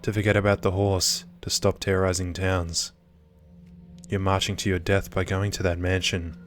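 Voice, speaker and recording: Male reader as a vengeful game witch, cold and threatening, deep voice. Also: flat delivery, normal speed, a little hiss or hum, natural voice. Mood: menacing.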